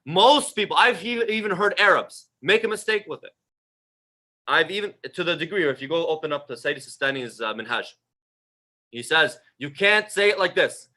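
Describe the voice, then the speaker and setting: A man's voice: a little high, animated, normal speed, sharp tone. A young man giving an informal religious talk, emphatic and conversational, often repeating his phrases. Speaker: religious teacher. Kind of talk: informal sermon on prayer.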